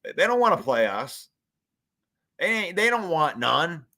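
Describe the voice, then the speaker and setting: Animated, bright-voiced man hyping his team. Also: a little high, a little slow. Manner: animated, hyped, reads chat aloud, laughs often. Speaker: sports show host. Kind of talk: live-stream fan commentary.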